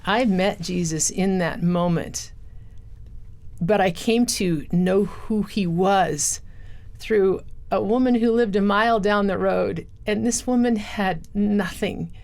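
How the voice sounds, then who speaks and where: A woman's voice: medium pitch, slow, gravelly, darkish tone. A middle-aged woman, a guest in an interview, telling her life story earnestly in a studio. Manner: earnest storyteller, acts out quoted voices. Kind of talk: personal testimony interview.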